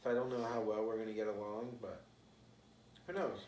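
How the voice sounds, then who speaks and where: A podcast co-host in casual chat, lively and playful, swearing freely. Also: medium pitch, fairly quick, slight background noise. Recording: roomy, slightly distant mic.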